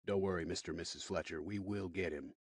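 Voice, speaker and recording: A man voicing a steady, reassuring police officer in an audiobook. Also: sits low, fast, no echo, clean studio sound, voice pushed down.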